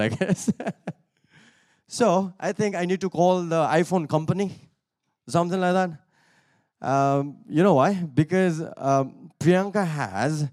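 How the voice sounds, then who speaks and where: A man's voice: a little high, a little mellow. A man preaching a sermon, telling a personal testimony in a loose, conversational way, laughing often, then rising into emphatic calls to the listeners. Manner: conversational storytelling that builds to emphatic exhortation; laughs often between sentences.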